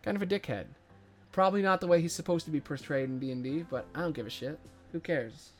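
A man's voice: on the high side, fast, soft background music. A man running a tabletop game as game master, recapping the story casually and irreverently.

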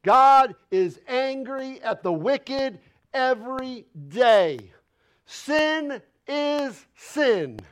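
A man preaching in a church with a strikingly high voice that swoops widely as he presses each point. He slows down to drive lines home, talking in a plain folksy way with rhetorical questions. His delivery stays passionate and emphatic throughout. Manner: passionate, emphatic, rising to loud declarations. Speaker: pastor. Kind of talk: sermon. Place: church sanctuary.

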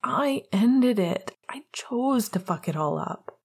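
A woman voicing a heartbroken, bitter young man who mumbles in a breathy half-whisper. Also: a little high, expressive, takes it slowly, darkish tone, pitched above the performer's own voice, full character voice. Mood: anguished. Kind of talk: audiobook character reading.

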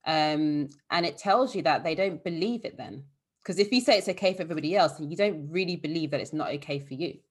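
A woman's voice: low-pitched, fast, husky. A woman therapist for eating disorders, talking in a casual, explanatory way in an interview. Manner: warm, explanatory, fillers like "like" and "you know".

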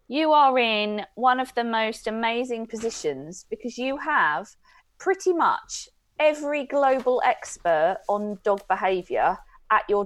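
A woman, a dog trainer and author speaking as a podcast guest. She is friendly, laughs easily and explains her points at length. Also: a little high. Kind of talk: casual chat interview.

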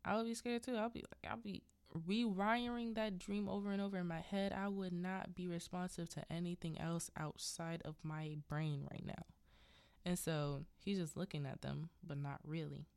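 A woman hosting a podcast, retelling a film in chatty, animated storytelling with asides. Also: on the low side, moderate pace, clear, resonant tone, no room sound. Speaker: podcast host. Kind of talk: casual film recap.

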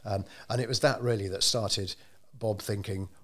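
A man telling a story in an interview, measured and unhurried, with frequent ums and restarts. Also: fairly low pitch, fairly even intonation, a bit bright. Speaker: interviewee telling local history. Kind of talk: conversational storytelling.

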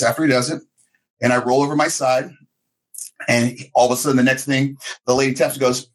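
Husky middle-aged man telling a story. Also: mid-range voice, fairly quick. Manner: animated, self-mocking storyteller who acts out quotes. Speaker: podcast co-host. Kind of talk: casual storytelling chat.

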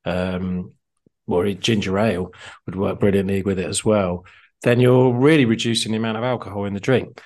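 A man with a fairly low voice, chatting on a podcast about drinks. He is eager and talkative and often trips over his words with ums and restarts. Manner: chatty, enthusiastic, lots of fillers. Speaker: podcast co-host. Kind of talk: casual drinks podcast chat.

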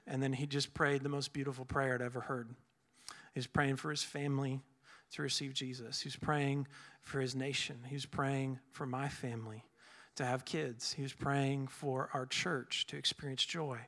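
A man's voice: mid-range voice, flat delivery, moderate pace, a bit bright. A young man giving an earnest, casual sermon, full of fillers and restarts. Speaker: preacher. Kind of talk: conversational sermon.

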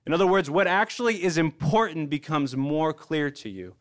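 A man in his thirties preaching a sermon, earnest and conversational, rising in bursts and dropping to a hush for emphasis. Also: fairly high pitch, expressive, normal speed. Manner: earnest, conversational preaching with surges and hushed drops. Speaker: pastor.

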